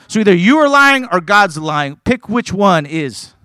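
Male preacher, high voice, earnest and emphatic, stumbles into chatty asides, close and dry. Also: big pitch swings, a little slow, pushed and bright, no room sound. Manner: earnest, emphatic preaching, reading scripture aloud; conversational asides with stumbles and repeats. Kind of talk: sermon.

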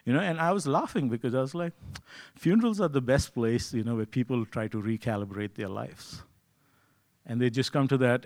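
A man's voice: mid-range voice, brisk, a little mellow. A man preaching a sermon in a conversational way, often asking "you see" and acting out his own thoughts. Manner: acts out his own inner voice in quotes.

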